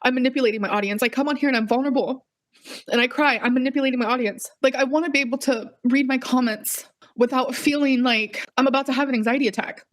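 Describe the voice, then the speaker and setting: A young woman speaking on a live-stream vlog, talking quickly in a heated, repetitive rant full of swearing. She sounds shaky and upset. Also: high-pitched, steady tone. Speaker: vlogger.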